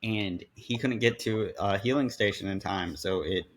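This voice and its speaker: A man's voice: fairly low pitch, moderate pace. A man in a casual podcast chat, talking in a matter-of-fact way and correcting details. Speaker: podcast participant.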